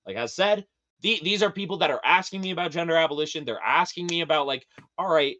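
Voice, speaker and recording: A man as a podcast guest in casual chat, animated and profane, laughing often. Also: a little high, fast, highs cut off, a little hiss or hum.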